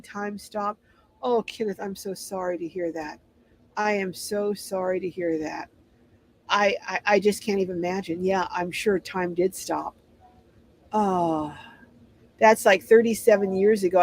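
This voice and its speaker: A woman's voice: medium pitch, low-quality recording. A middle-aged woman hosting a casual livestream, reading viewer comments aloud and answering them in a chatty way. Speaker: live stream host.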